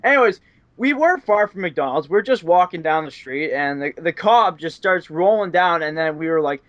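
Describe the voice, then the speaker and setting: A man's voice: on the high side, lively intonation, normal speed, a bit bright, no room sound. A man, a guest casually telling rambling stories full of fillers. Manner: rambling, filler-heavy, laughs often. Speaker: interview guest. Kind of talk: casual storytelling chat. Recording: dull dry audio.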